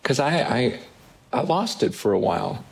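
A man's voice: mid-range voice, very animated, normal speed, creaky, slightly rough. A man preaching a sermon to a congregation, talking earnestly and conversationally and often repeating words as he goes. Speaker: pastor. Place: in front of a congregation.

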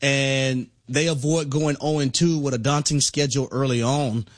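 A male radio co-host giving measured sports analysis and repeating words for emphasis. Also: medium pitch, steady tone.

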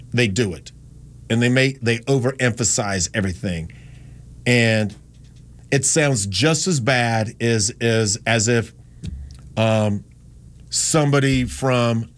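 A man in his fifties from the American South, a radio host with a light Southern accent, talking in a rambling, opinionated way and correcting himself often. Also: mid-range voice. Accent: Southern US, Carolinas. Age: 50s. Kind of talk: casual radio talk.

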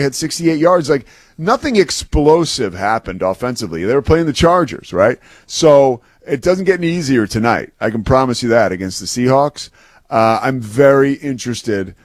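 A man's voice: medium pitch, no echo. A man co-hosting a sports talk show, breaking down football in a casual, conversational way with lots of fillers and restarts. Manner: conversational, filler-heavy, repeats words when starting.

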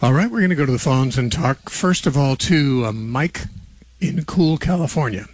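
A man hosts a live call-in radio show in a relaxed, conversational way. His voice is a touch rough, as if not yet warmed up, and he clears his throat now and then. The studio sound is dry and close. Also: medium pitch, moderate pace, dry recording. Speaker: radio talk show host.

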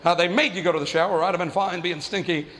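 A young man with a fairly high voice tells stand-up stories in a loose, self-mocking way, filling gaps with "uh". He is on stage in a club, and his voice rings in a long hall reverb over faint background noise. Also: steady tone, fast, a bit bright. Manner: conversational, self-mocking, with frequent fillers. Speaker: stand-up comedian. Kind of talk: stand-up storytelling.

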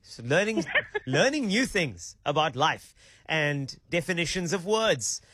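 Man, South African accent, radio host, lively and bouncy, slightly higher voice, dry studio sound. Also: unhurried, husky, no echo. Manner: animated, chatty and playful. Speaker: radio talk show host. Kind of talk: casual radio chat.

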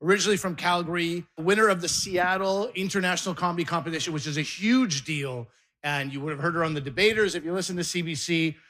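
A man's voice: fairly high pitch, fast talker. A man hosting a comedy show, hyping up the audience as he brings on the next comic. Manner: hyped, loud crowd-rousing introduction. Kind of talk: introducing a comedian. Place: comedy stage before a live audience.

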